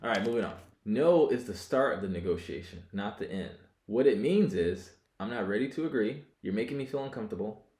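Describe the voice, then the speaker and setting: A man talks through a book review in a relaxed, loose way, reading a point aloud and then explaining it in his own words. His voice sits on the low side. The room around him is noticeably echoey. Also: fairly quick, hardly any pauses. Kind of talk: casual video book review.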